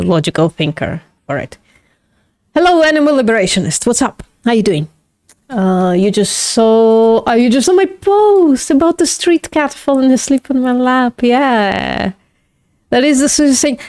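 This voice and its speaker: A woman with a slightly high voice hosts a casual live stream, chatting loosely with her viewers. She swears freely and laughs at herself as she talks. The sound is close and dry, with no room echo. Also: darkish tone. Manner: casual, swears, laughs often, self-mocking. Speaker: livestream host studying logic.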